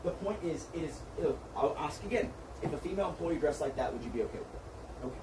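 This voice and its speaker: A man's voice: a little high, lively intonation, fast. Man, heated argument, berating and profane, far from the mic, roomy echo. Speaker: streamer's manager. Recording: echoey room from far off, faint noise.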